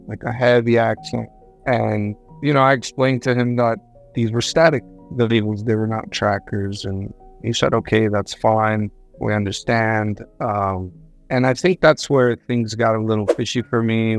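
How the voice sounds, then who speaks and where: A man telling how a deal went wrong, in a rambling way that repeats and corrects himself. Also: on the low side. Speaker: guest, government contractor. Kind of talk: conversational storytelling.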